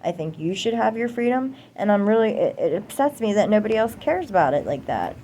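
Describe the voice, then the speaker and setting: Very animated and talking a little fast, a young American woman vents to camera in a heated political rant full of swearing and repeated points. The vlogger's medium-pitched voice has a dark tone, and there's slight hiss or hum on the audio.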